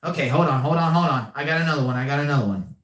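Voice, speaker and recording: A man's voice: on the high side, rapid-fire, a bit bright, reverberant. A young man hosting a live podcast, chatting casually and often repeating himself. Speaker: podcast host. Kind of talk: casual live-stream chat.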